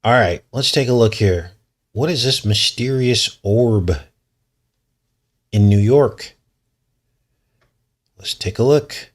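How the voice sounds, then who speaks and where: A man's voice: medium pitch, slow pace, long pauses. A man hosting a news commentary vlog, reading articles aloud and breaking in with suspicious, skeptical remarks. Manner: suspicious, conspiratorial tone. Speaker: channel host.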